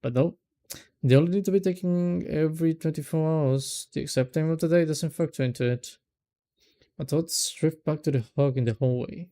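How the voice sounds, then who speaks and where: A man's voice: fairly high pitch, normal speed, warm tone. A young man reading a visual novel aloud as a let's play, rereading lines that trip him up and breaking off for casual remarks.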